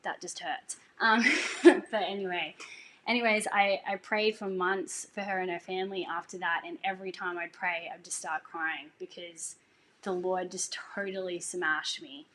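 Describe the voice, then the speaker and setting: A woman's voice: lowish voice, steady tone, moderate pace, a bit bright, slight background noise. A woman telling a personal faith story in a casual way, earnest and emotional, laughing now and then. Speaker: singer sharing a testimony.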